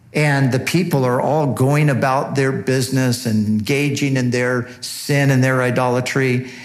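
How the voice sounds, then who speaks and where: A man teaches through a book of the Bible in a relaxed, conversational manner. His voice sits at an ordinary middle pitch. He reads verses aloud and then explains them, often with fillers and repeated words.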